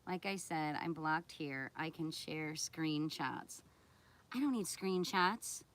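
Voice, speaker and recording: A woman's voice: deep voice, slow, fairly bright tone. A woman live streaming who answers viewer chat in a blunt, scolding, sarcastic way. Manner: sarcastic and confrontational. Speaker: content creator on a live stream.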